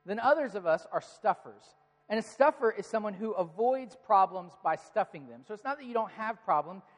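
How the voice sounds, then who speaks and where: High-voiced pastor in a big echoing hall. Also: male voice, brisk. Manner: storytelling, animated when quoting his kids. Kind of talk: sermon. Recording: long reverb of a large hall.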